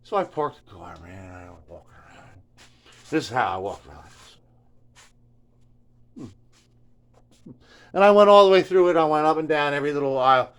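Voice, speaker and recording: His voice is on the high side, smooth and expressive, and he talks at a quick pace. The middle-aged guitar repair vlogger rambles casually in his home workshop near a furnace, stammering and muttering with lots of filler and frequently trailing off almost to a whisper.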